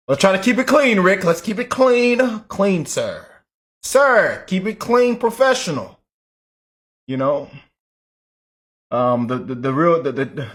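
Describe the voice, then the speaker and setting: A man hosting a casual reaction video, chatty and animated. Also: fairly high pitch. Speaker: reaction host.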